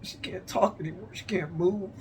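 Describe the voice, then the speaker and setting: A man telling a personal story as unscripted testimony, emotional and halting, repeating his phrases and sighing. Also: high voice, a little hiss or hum. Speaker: vlogger sharing a personal story.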